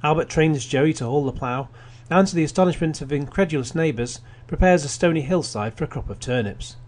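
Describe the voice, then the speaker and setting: A man's voice: a little high, brisk, darkish tone. A man hosting a radio film show, reading plot summaries with wry asides and frequent restarts. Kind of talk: casual radio film review.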